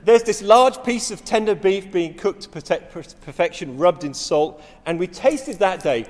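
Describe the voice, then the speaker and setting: A man's voice: sits high, expressive, moderate pace, big-room sound. A middle-aged man preaching a sermon, telling stories with rising emphasis and frequent restarts.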